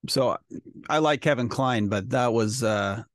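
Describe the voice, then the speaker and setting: A man's voice: medium pitch, unhurried, dry recording, clean studio sound. A man co-hosting a podcast, joking and sounding incredulous as he talks about an old film. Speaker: podcast co-host. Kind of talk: casual film discussion.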